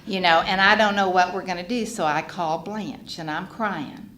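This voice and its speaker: A woman's voice: lowish voice, steady tone, moderate pace, fairly bright tone. A middle-aged woman, sharing her recovery story at a fellowship gathering and acting out the other people's voices with strong feeling. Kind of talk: personal testimony at a fellowship gathering. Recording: echoey hall with faint background noise.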